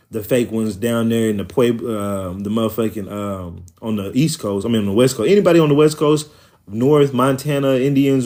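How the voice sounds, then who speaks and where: A man's voice: mid-range voice, a little mellow. A man with an Oklahoma country accent, hosting a livestream in casual, rambling, profane talk. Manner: rambling, profane, loose and conversational. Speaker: livestream host.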